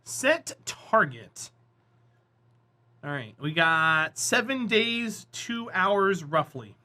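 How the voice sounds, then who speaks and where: Bright-voiced, chatty male game streamer. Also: high voice, big pitch swings, drawn-out words. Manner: chatty, encouraging, talks to viewers. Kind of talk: casual live-stream chat.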